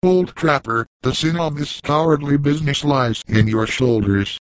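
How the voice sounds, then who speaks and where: A man's voice: on the high side, moderate pace, dry recording, natural voice, poor audio. A man reading the part of a hot-tempered young frontiersman in a storybook, blustering and scornful. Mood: defiant.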